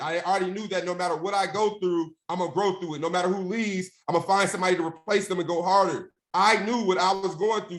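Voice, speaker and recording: A man speaking as a guest at a mentorship session, telling his own story in a casual, animated, slangy way. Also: high voice.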